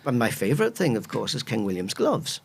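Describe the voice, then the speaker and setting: Gravelly man explaining history. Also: mid-range voice, huge pitch swings, a little fast, slight background noise. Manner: enthusiastic, rambling with restarts. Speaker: guest, historian and archaeologist. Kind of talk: casual chat, explaining history.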